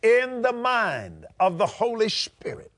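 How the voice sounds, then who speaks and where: A Texan man preaching a sermon in an emphatic, drawn-out way, joking and laughing at himself. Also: very high voice, big pitch swings, a bit bright.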